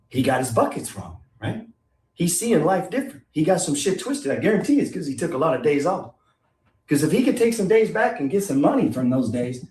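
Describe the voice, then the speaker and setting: A man's voice: fairly high pitch, darkish tone. Blunt, swearing man in an echoey room. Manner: blunt, swearing, rhetorical questions. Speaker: investing coach. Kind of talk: profane motivational talk. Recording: echoey room, distant from mic.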